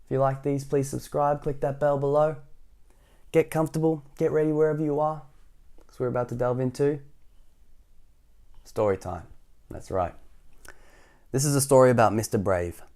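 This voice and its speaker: A man reading a children's picture book aloud at a middle pitch. He keeps it lively, dropping into chatty asides between pages. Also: normal speed, long pauses. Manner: lively storyteller with casual asides to kids. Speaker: storytime host.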